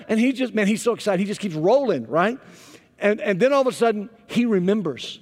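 Male pastor, lively sermon storyteller, slightly high voice, long hall reverb. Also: fast talker. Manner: animated storytelling, volume rising and falling. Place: church sanctuary.

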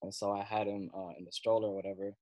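A man's voice: fairly low pitch, level tone, fast, dark tone, dry recording. A young man, a comedian guest, telling stories in a laid-back, slangy way full of fillers. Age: young adult. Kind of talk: casual storytelling chat.

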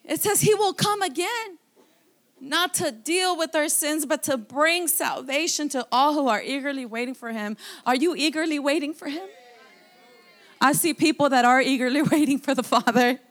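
A woman's voice: high-pitched, moderate pace, fairly bright tone. A woman pastor delivering a fervent sermon at a church service, reading scripture aloud and breaking in with words of praise.

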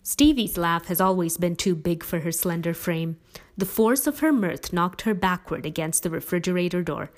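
Lowish-voiced woman reading a story. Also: moderate pace. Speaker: narrator. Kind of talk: storybook narration.

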